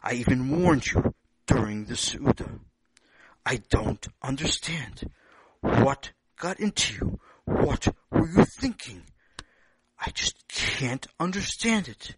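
A man voicing a stern, upset father who scolds in a low hushed voice, in a story told aloud. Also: animated, takes it slowly, husky, heavily acted, low-quality recording.

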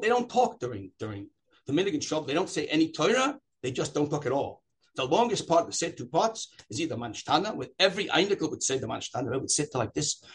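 A man tells a heartfelt personal story. His voice is husky and sits a little high, and his pitch swings widely as he acts out each quoted line. He often restarts and drifts into digressions. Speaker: storyteller at a memorial gathering.

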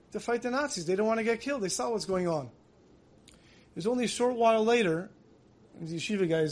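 A man giving a storytelling sermon, acting out quotes and dropping soft on emotional lines. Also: high-pitched. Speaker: rabbi giving a Tisha B'Av lecture.

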